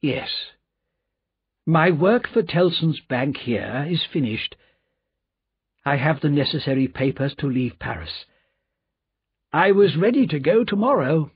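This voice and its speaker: A man voicing a gentle, sorrowful old male banker in a storybook reading. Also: fairly high pitch, animated, a little slow, long pauses, slightly rough, lo-fi sound, pitched above the performer's own voice, exaggerated voice.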